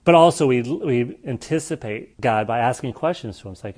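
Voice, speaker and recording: Male preacher, mid-range voice, earnest conversational sermon with quiet reflective turns. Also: medium pitch, brisk, hardly any pauses. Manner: earnest, shifts between lively storytelling and quiet reflection.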